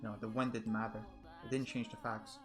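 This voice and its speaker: A man reading a visual novel aloud in a soft, reflective voice, breaking off for chatty asides. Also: lowish voice, flat delivery, fairly quick, over music. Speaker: let's play host.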